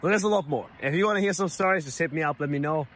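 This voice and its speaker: A young man tells a college story straight to camera. His voice runs a little high for a man, and he keeps it animated and casual, scattering "like" and "you know" throughout. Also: very fast. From Germany. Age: young adult. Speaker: vlogger, college student.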